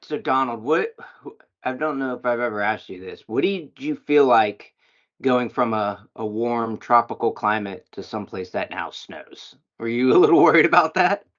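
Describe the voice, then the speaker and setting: A man's voice: mid-range voice, animated, moderate pace, a bit bright. A man hosting a podcast, a parent himself, speaking in a reflective, slightly rambling way. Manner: thoughtful, reflective, a bit rambling. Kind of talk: casual interview chat. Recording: dull lo-fi audio.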